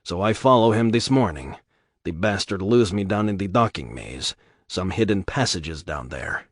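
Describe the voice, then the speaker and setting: A man's voice: sits low, lively intonation, normal speed, no echo, clean studio sound. A man reading aloud, voicing a cold, terse male enforcer with a Russian accent and clipped broken English.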